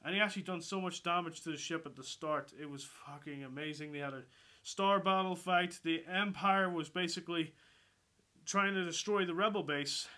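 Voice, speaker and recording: Male vlogger, casual film review, sweary and excitable, high pitch, sharp tone. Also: moderate pace. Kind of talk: casual movie review vlog.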